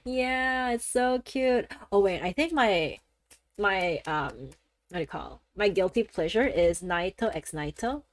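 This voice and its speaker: A woman streamer talks in a loose, rambling way with plenty of laughs and casual swearing. Her voice sits at a middle pitch and is recorded close and dry, with no room sound. She jumps between thoughts as she chats. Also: lively intonation, measured pace, no echo. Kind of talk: casual gaming-stream chat.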